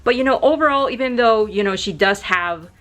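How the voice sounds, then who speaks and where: A woman's voice: a little high, animated, brisk, fairly bright tone. A young adult woman vlogging, talking to camera in an emotional, grateful way, rambling with many fillers. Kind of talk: casual talk to camera.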